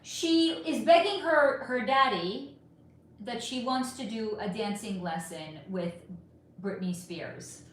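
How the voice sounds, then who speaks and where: A woman's voice: fairly high pitch, animated, slow pace, a little hiss or hum. Woman livestreaming in a very echoey room. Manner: frank and casual, swears freely, trails off with fillers; putting on makeup while talking. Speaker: livestream host reading chat questions. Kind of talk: casual livestream chat. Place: at home.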